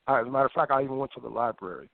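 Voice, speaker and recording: A man, a guest on a phone interview, telling a personal story in a lively way, with stammered restarts and acted-out thoughts. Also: medium pitch, racing, creaky, no echo. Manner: animated, stammering restarts, acts out his own past thoughts. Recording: tinny phone line, dry.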